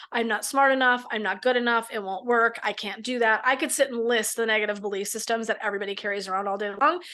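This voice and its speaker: A woman's voice: a little high, fairly bright tone. Frank middle-aged woman coaching. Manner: guides listeners through exercises, casual and frank, swears for emphasis. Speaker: midlife coach and therapist. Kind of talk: coaching talk in a podcast.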